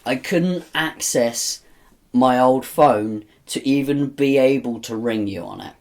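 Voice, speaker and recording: A man's voice: mid-range voice, slow, a little mellow, slight background noise. A man co-hosting a podcast, rambling in exasperation and swearing freely in casual chat. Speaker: podcast co-host.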